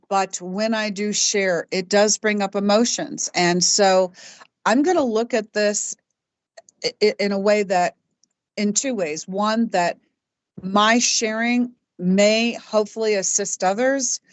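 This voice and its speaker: A woman hosting her own talk show, speaking in a halting way with frequent restarts, who calls herself stoic. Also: medium pitch, no echo. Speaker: host. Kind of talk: personal talk show monologue.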